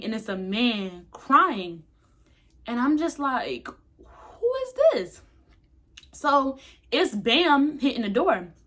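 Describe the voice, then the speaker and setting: A woman's voice: fairly high pitch, fairly bright tone. A young woman casually telling a candid, slangy storytime to her camera. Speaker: vlogger.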